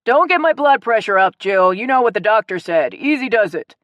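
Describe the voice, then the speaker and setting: A woman voicing a stubborn, joking older father in an audiobook, loud and full of teasing bravado. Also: mid-range voice, fairly quick, no echo, muffled recording, pitched above the performer's own voice, lightly acted. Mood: blustery.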